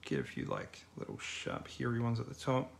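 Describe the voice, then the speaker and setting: A man's voice: medium pitch, wildly swooping pitch, moderate pace, creaky, slight background noise. A middle-aged man teaching a live online drawing class in a casual, encouraging, chatty way. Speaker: art teacher.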